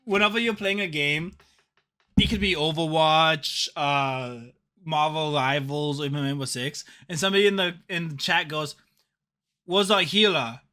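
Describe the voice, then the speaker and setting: Bright, slightly high young man ranting. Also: normal speed, clean tone. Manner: laughing often, joking rants. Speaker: podcast co-host. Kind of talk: casual gaming chat.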